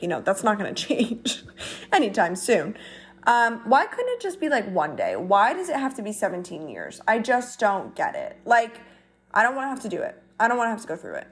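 A young adult woman vlogging in a casual, chatty way, blunt and exasperated as she vents. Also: mid-range voice. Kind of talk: casual talk to camera.

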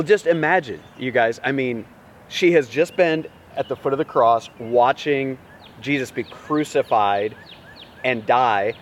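A man preaching an Easter sermon as pastor, telling the story in an animated, dramatic way with big swings in pitch. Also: far from the mic, a little hiss or hum.

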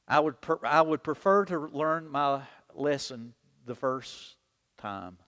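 Brief: lively male preacher, slightly high voice, echoing church hall. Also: takes it slowly. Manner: animated preaching, leads the congregation in call-and-repeat. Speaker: pastor. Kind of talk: sermon. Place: church sanctuary. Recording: long hall reverb.

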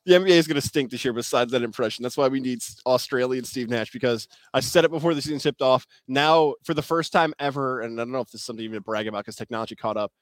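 A man's voice: mid-range voice, racing, few pauses, no echo. A man hosting a casual sports chat, giving blunt, opinionated takes. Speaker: podcast host.

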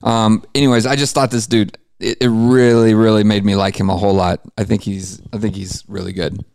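A man's voice: on the low side, little pitch movement, a little fast, vocal fry, a little mellow, dry recording, clean studio sound. A man co-hosting a live podcast, telling stories in a laid-back way and often repeating words as he talks. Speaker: podcast co-host. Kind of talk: casual live podcast chat.

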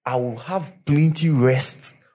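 Animated preacher man. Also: on the high side, slow pace. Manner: animated, storytelling preaching with pidgin asides. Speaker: pastor. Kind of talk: sermon. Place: church with live and online congregation.

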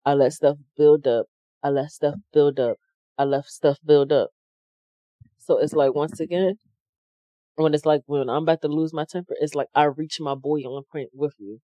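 A soft-spoken woman co-hosting a podcast, calmly defending herself in an argument. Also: low-pitched, normal speed, no echo, muffled recording. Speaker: podcast co-host. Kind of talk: casual argumentative chat.

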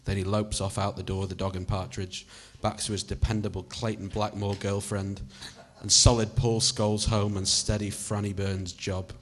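A man's voice: lowish voice, little pitch movement, moderate pace, a little hiss or hum. A man reading a story aloud in the second person, in a conversational style with casual swearing. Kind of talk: audiobook reading.

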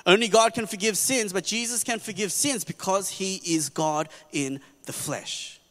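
A pastor giving a sermon in an earnest, conversational way, often checking in with the congregation. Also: male voice, sits high, moderate pace, fairly bright tone. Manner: earnest, conversational preaching with frequent "right?" asides. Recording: long reverb of a church hall.

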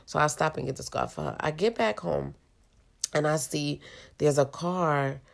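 A woman's voice: low voice, normal speed, gravelly. A mother telling a personal story in a casual, heated way, blunt and full of profanity, with loose fillers like "like" and "you know".

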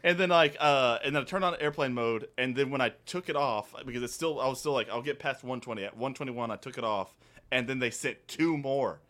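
A man co-hosting a podcast, recounting an annoyance with plenty of exasperated swearing. His pitch is an ordinary middle range for a man. He talks in loose, casual bursts. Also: brisk, fairly bright tone. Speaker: podcast co-host. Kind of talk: casual chat.

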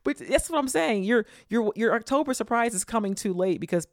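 A podcast co-host chatting casually about politics, jokey and animated, laughing often. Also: mid-range voice, fairly quick, dry recording, studio quality.

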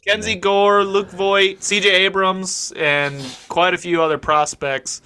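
Bright-voiced man talking sports. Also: high voice, little pitch movement, unhurried, clean tone. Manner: swears freely, rattles off trade details. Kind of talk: casual sports chat.

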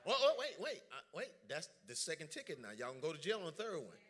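A man preaching a lively sermon, joking with the congregation and calling for their responses. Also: fairly high pitch, fast. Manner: lively, joking, drawls informal speech.

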